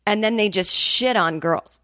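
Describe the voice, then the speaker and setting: A woman hosting her own podcast, talking casually in a rambling, profane, sarcastic monologue full of quick asides. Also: mid-range voice, no echo, studio quality. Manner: animated storyteller, quick asides. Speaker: comedian podcast host.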